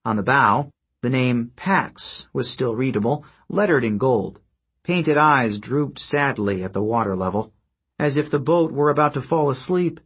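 Husky male audiobook narrator. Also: medium pitch, expressive, measured pace, a bit bright. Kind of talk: scripted narration.

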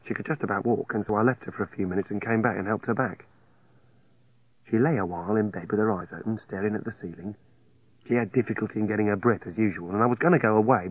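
Man, husky voice, first-person audiobook narration, plain confessional telling, dry close sound, dull recording. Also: on the low side, dry recording.

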